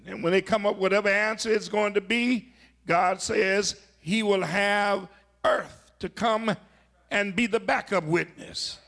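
Gravelly high-voiced preacher guy, slow deliberate sermon, shouts some words and whispers others. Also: fairly even intonation. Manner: emphatic, rising to shouts on key words; slows for emphasis, drops to near-whispers. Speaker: pastor.

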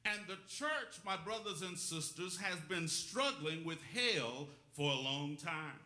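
Bright-voiced preacher in an echoey church. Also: male voice, fairly high pitch, animated, measured pace. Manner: rhythmic preaching, calls for witnesses. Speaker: pastor. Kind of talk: call-and-response sermon. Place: church sanctuary.

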